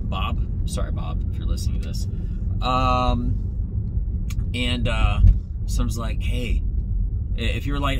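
A man's voice: medium pitch, heavy background noise. A man comedian rambling through a comic rant, talking straight to his viewers from inside a moving car. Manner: animated, tangent-prone, talks straight to viewers.

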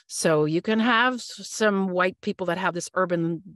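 A woman's voice: lowish voice, moderate pace, fairly bright tone, no echo, studio quality. A woman hosting a podcast who asks long, earnest questions and searches for her words with many fillers. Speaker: podcast host. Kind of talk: podcast interview.

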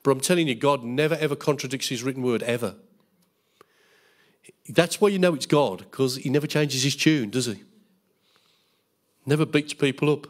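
A man's voice: medium pitch, moderate pace, long pauses. A middle-aged man preaching a Bible school sermon as pastor, fervent, with tag questions and jokes.

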